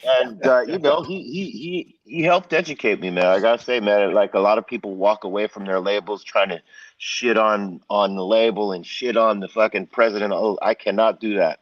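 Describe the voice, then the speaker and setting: A man's voice: lowish voice, moderate pace, no room sound. A middle-aged man spinning a casual, profane story as a podcast guest. He often restarts his lines, and the sound is dull and dry, a little distant from the microphone. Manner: animated, profane, full of restarts.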